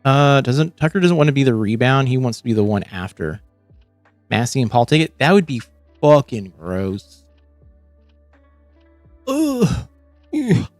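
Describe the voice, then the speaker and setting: A man's voice: medium pitch, expressive, normal speed, dry recording, faint music behind. A man hosting a livestream, giving casual, rambling reaction commentary with lots of swearing and restarts. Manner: rambling, profane, restarts often. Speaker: livestream host.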